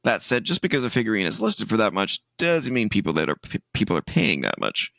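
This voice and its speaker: A man's voice: fairly low pitch, very animated, brisk, creaky, a bit bright, no echo. A man from Canada co-hosting a casual gaming podcast, who reads news aloud and laughs often. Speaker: podcast co-host.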